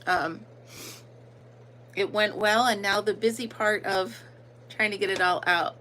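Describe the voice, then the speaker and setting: A woman's voice: medium pitch, fairly even intonation, unhurried, pushed and bright, slight background noise, low-quality recording. A woman with an American country accent hosting a casual livestream, chatting and greeting viewers by name with plenty of ums. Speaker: livestream host.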